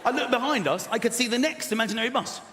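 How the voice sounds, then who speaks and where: A man on stage in a large theatre, telling a wry stand-up story with deadpan quoted lines. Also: very high voice, fast talker, a loud crowd. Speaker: stand-up comedian. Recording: roomy live theatre with loud noise.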